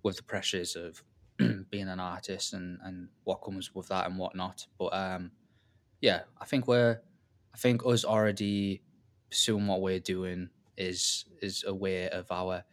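A man co-hosting a casual faith-based podcast, speaking in a relaxed way that trails off with ums and repeated words. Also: sits low, unhurried. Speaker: podcast co-host.

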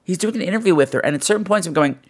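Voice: medium pitch, animated, rapid-fire, slightly rough. A podcast host giving a blunt, profane film review, acting out scenes with exaggerated voices. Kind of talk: casual ranting film review.

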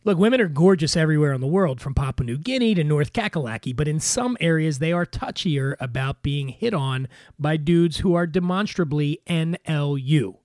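A man from Philadelphia hosting a podcast, a little weary, delivering a wry scripted comic monologue in a deadpan way. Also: a little high, normal speed, no room sound, studio quality. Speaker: podcast host.

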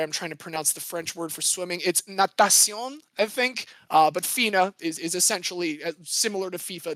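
A man's voice: high voice, fairly bright tone, no echo. A man from the United States co-hosting a casual sports history chat, rambling and jokey, often correcting himself mid-sentence. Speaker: podcast co-host.

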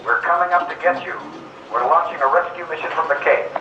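An actor playing a mission controller briefing stranded astronauts over the radio in a brisk way, heard as a film clip. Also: male voice, on the high side, slight background noise, close to an everyday voice. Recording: distant echoey muffled radio transmission.

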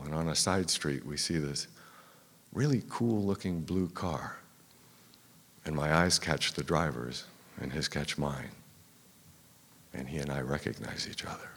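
A man's voice: a bass voice, normal speed, a bit bright. A man telling a true story to a live audience, dramatic and first-person. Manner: dramatic first-person telling, drops to a whisper at tense moments. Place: stage in a theater. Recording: long reverb of a live theater hall.

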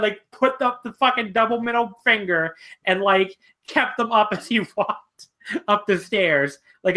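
A woman co-hosting a casual wrestling chat, telling stories with lots of swearing and cackling laughs. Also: mid-range voice. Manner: profane, animated storytelling, cackling laughs.

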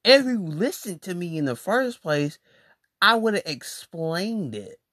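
A podcast host telling a story in a casual monologue, slangy and animated, acting out quoted lines with big jumps in pitch. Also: slow, no echo, studio quality.

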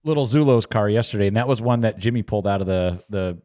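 A man's voice: lowish voice, fast talker, mellow. A man hosting a casual talk show, leading the chat and asking his co-hosts questions. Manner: leads the chat, asks questions. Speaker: show host.

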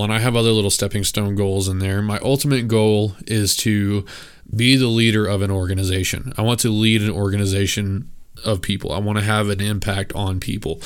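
A man's voice: fairly low pitch, steady tone, moderate pace, fairly bright tone, clear, resonant tone. A man hosting a solo podcast, talking casually and candidly in a rambling way with lots of filler words. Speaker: podcast host.

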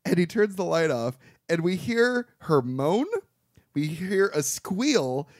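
A man's voice: a little high, very animated, takes it slowly, a little mellow, no room sound, clean studio sound. A man co-hosting a podcast, casually recapping a bad movie's plot and laughing often. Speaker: podcast co-host.

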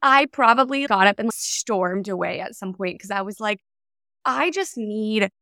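A woman hosting a podcast, chatty and animated as she tells a story, with lots of "like". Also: medium pitch, normal speed, no room sound, clean studio sound. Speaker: podcast host. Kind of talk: conversational interview.

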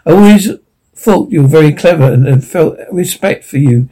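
A man's voice: on the high side, animated, moderate pace, mellow, poor audio. A man voicing a young male stag who speaks with tense, held-back anger. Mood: angry. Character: young male stag, fierce but restrained. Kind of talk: audiobook character reading.

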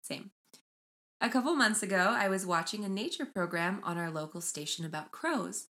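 A woman's voice: mid-range voice, lively intonation, brisk, sharp tone. Young woman podcast cohost, chatty, does little voices when she retells stuff. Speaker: podcast co-host. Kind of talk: casual chat and reading a story aloud.

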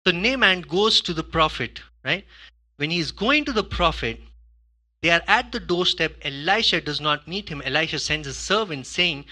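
Guy preaching a sermon, high and super bright voice, chatty, keeps saying "okay?", goes quiet then loud. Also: animated, moderate pace. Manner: conversational preaching, frequent "okay?" and "you know"; swings from hushed asides to loud emphatic bursts. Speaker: pastor.

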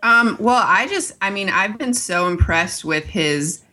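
A woman's voice: mid-range voice, expressive, unhurried, bright, forceful tone. A woman joining a podcast over a video call, chatting with wry jokes. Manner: wry, joking. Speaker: podcast regular on sabbatical. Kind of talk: casual chat.

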